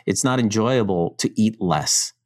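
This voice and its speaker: A middle-aged man from the United States, a podcast guest telling his story in a frank, animated, casual way, swearing now and then. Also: fairly low pitch, a little slow, no room sound, studio quality.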